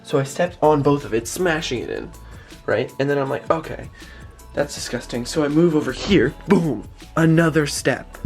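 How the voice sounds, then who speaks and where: A teenage man vlogging in a casual, animated way, exasperated and acting out the people he quotes. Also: a little high. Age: teens. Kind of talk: casual vlog storytelling. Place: cold house and busy restaurant.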